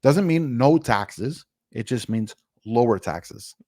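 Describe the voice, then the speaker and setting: A man's voice: mid-range voice, animated, slow, darkish tone, dry recording, studio quality. A man guest on an interview podcast, giving blunt, down-to-earth money advice with the odd swear word. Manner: blunt, down-to-earth, mildly profane.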